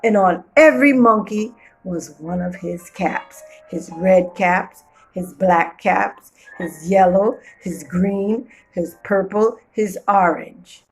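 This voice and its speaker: A woman reading a children's storybook aloud with playful, expressive storytelling. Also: mid-range voice, slow, soft background music, rough recording.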